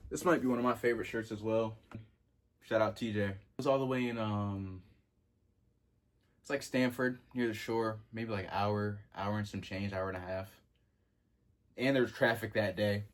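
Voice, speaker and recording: A young man in his twenties with a fairly low voice, chatting in a loose vlog style. He talks in slang and gets excitable, and his pitch jumps up when something catches his attention. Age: 20s. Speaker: vintage clothing vlogger. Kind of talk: casual vlog talk.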